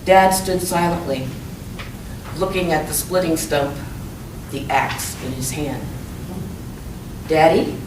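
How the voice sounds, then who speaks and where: A woman author reads her own fiction aloud, slow and measured, mid-pitched. Her voice comes from a distance in an echoey room, with a light wash of ambient noise behind it. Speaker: author reading her novel. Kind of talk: literary reading aloud. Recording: echoey room, mic far off.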